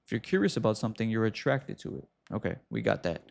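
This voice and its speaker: Gravelly man giving casual advice. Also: on the low side. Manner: animated, talks straight to viewer with quick asides. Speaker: host.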